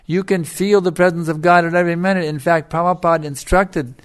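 A man's voice: sits high, steady tone, a little fast, clear, resonant tone, no room sound, studio quality. A middle-aged man giving a devotional lecture as a spiritual teacher, emphatic and repeating his phrases for stress.

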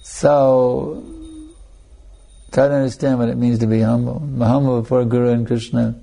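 A man's voice: mid-range voice, little pitch movement, normal speed, vocal fry, dark tone. A male spiritual teacher giving a sermon and telling a story, talking conversationally with frequent restarts and asides to his listeners. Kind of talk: anecdotal sermon.

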